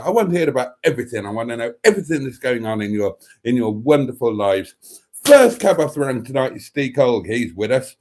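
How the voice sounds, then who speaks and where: A man with a mid-range, dark-toned voice hosts a live stream, reading out viewer comments in a theatrical, camp style. He calls listeners darlings and rambles, muttering self-mocking asides.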